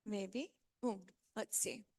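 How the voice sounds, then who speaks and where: A woman's voice: medium pitch, takes it slowly, darkish tone. A woman in her thirties from Missouri, giving a casual, upbeat talk to an audience and laughing often.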